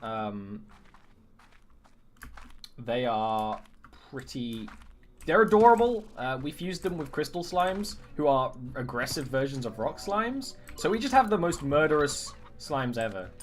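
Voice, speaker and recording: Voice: medium pitch, unhurried, faint music behind. A game streamer chatting casually while playing, joking around and trying out silly accents. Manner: chatty, animated, jokes about doing accents. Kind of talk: casual live-stream commentary.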